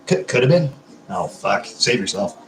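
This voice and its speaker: Profane, effusive man with a lively voice. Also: mid-range voice, normal speed, echoey room, a little hiss or hum, low-quality recording. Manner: effusive, rambling and heavily profane; drinking beer while talking. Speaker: live streamer answering viewer comments. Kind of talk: casual live-stream chat.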